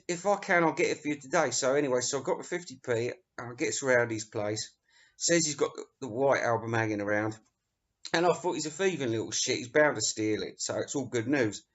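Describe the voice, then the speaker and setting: A middle-aged man from England, telling rambling, sweary anecdotes as a music reviewer. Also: on the high side. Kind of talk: casual storytelling. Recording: dull lo-fi recording.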